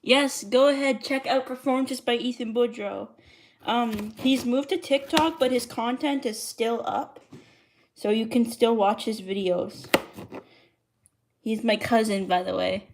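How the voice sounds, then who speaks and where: Slow-talking woman chatting on a livestream. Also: on the high side, noisy background. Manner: chatty, greets viewers and reads chat aloud. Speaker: livestreamer cooking on camera. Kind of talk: casual livestream chat. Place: home kitchen, indoors. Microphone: streaming mic.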